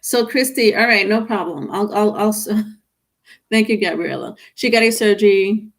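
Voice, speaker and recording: A woman hosting a live tarot reading, with a voice in the middle range for a woman. She chats casually and warmly, reads viewer comments aloud and calls people honey, with small restarts and fillers along the way. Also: mid-range voice, normal speed, vocal fry. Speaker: tarot reader.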